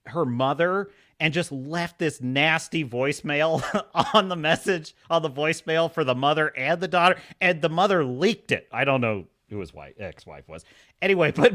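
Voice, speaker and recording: A man hosting a live podcast, excitable and gloating, chatting with his viewers over a lot of coffee. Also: high voice. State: over-caffeinated. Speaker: podcast host.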